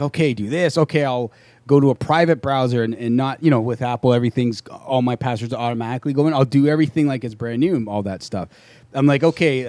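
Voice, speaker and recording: A man's voice: mid-range voice, darkish tone, no echo. A man telling a frustrated story in casual chat, swearing freely and acting out the quoted voices of the people involved.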